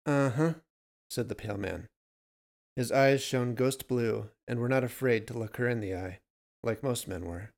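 A man reads a short story aloud at a steady, measured pace. His voice sits at an ordinary middle pitch. He delivers the storytelling plainly. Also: vocal fry. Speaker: narrator.

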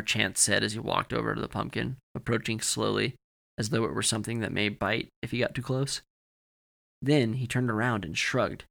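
A man narrating a scripted horror story for a podcast in a measured, steady way. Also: lowish voice, vocal fry.

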